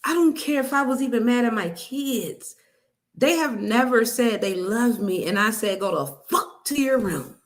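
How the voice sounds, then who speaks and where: A woman's voice: fairly high pitch, moderate pace. A woman giving reaction commentary, outraged and emphatic, cussing.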